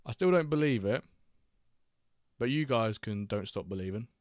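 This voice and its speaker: A man's voice: fairly low pitch, animated, moderate pace, a little mellow, no echo, clean studio sound. A man hosting a live watchalong stream, reading chat aloud and bantering with a jokey, laughing manner.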